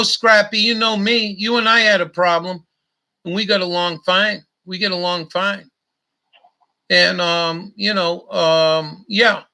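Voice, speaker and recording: Gravelly, bright-voiced ranting man. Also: high-pitched. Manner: blunt, profane, repetitive ranting. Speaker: livestream host. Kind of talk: casual livestream chat.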